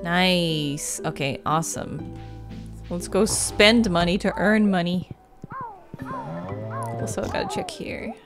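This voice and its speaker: A woman's voice: on the low side, wildly swooping pitch, slow pace, long pauses, music in the background. A woman giving casual gameplay commentary, chatting to herself, humming and giggling as she plays. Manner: chatty, muses aloud, giggles and hums while playing. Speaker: gaming video creator.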